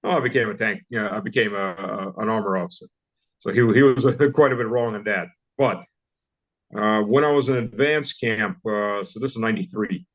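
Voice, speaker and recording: A man in his fifties with a Southern US accent, a guest telling stories in an interview, blunt and wry, halting with many fillers and restarts. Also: on the low side. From southern United States. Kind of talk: casual interview storytelling. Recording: dull lo-fi audio.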